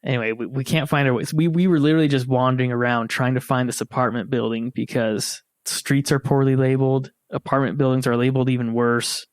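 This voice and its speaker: A man's voice: medium pitch, quick pace, few pauses, clean tone, no room sound. American guy telling a story on a podcast, chatty, mic close and dry. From United States. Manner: animated storyteller, laughs and acts out quotes. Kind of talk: casual storytelling among siblings.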